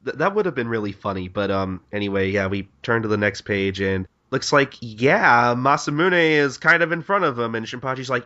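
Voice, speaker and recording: A man's voice: medium pitch, lively intonation, moderate pace, sharp tone, muffled recording. A man co-hosting a podcast, recapping a manga in casual chat, often stammering and repeating words. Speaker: podcast co-host.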